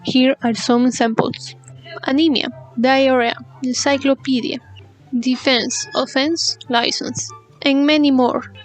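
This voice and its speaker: A woman's voice: sits high, steady tone, unhurried, soft background music. A woman whose first language is Spanish, reading a scripted English lesson and carefully reading out paired example sentences. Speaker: English teacher.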